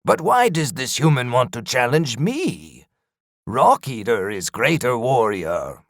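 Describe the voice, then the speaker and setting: A man voicing a very old, proud ogre chieftain in an audiobook, measured and speaking in broken grammar. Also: mid-range voice, sing-song, creaky, no echo, studio quality, full character voice.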